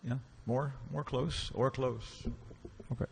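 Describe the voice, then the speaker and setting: A man's voice: mid-range voice, steady tone, slow, vocal fry, a little hiss or hum. A man giving a casual, storytelling lecture in a temple hall, acting out the characters he quotes and asking the audience questions. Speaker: visiting lecturer.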